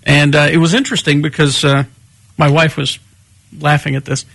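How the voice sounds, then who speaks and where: A man's voice: on the high side, level tone, moderate pace, gravelly, a bit bright, no echo. A man co-hosting a radio show, telling stories in casual banter. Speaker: radio co-host.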